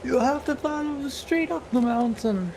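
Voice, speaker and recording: Man doing a high-voiced, gravelly elderly priest, solemn; crowd chatter in the back. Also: unhurried, full character voice. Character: solemn old male village priest.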